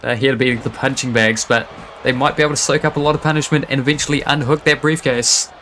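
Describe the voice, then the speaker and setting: A man calling a wrestling match live, excitable and quick to laugh and exclaim. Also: medium pitch, slight background noise. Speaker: wrestling commentator. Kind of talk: live play-by-play commentary.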